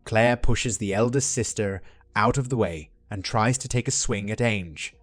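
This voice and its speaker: A man narrating a first-person relationship drama in a steady scripted read. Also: fairly low pitch, normal speed, no echo, faint music behind.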